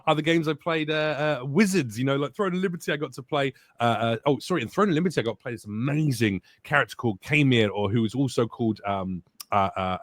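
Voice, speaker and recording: Animated male voice actor in chat. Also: mid-range voice, dry recording. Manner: animated, expressive, jokey. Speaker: actor and voice actor guest. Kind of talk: casual podcast chat.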